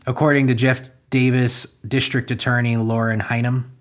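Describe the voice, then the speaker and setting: A man hosting a comedy podcast, reading news stories aloud and riffing on them with crude, sarcastic jokes and sudden loud outbursts. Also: mid-range voice, level tone, moderate pace.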